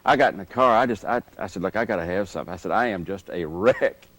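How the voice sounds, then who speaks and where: A man being interviewed, telling lively anecdotes and chuckling as he goes. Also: deep voice, quick pace, no echo. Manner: animated anecdote teller, chuckles through stories. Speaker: interview guest. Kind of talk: storytelling reminiscence.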